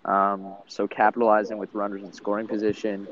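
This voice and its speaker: Low-voiced young man, lo-fi sound. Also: monotone, brisk, a little hiss or hum. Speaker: podcast co-host. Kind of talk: casual podcast chat.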